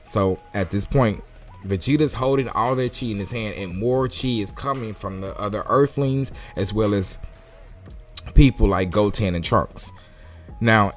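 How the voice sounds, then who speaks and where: A man with a low voice walks through a comic chapter in a relaxed, talkative way. He laughs often and corrects himself as he goes. Faint music plays behind him. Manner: casual, chatty, laughs often. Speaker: manga reviewer. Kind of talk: casual chat.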